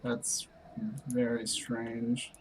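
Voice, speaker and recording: A man's voice: medium pitch, completely flat delivery, extremely slow, a little hiss or hum, poor audio. A man casually chatting and explaining strategy while playing a co-op strategy game, rambling with lots of "like" fillers. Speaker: co-op game player. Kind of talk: casual chat while gaming.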